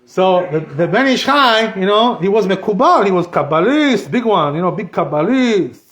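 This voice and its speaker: A man's voice: sits high, lively intonation, normal speed, a bit bright. A man teaching an informal Torah class as a rabbi, chatty, peppering every sentence with "you know" and dropping in Hebrew terms. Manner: conversational, constantly says "you know", mixes in Hebrew terms. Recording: echoey room.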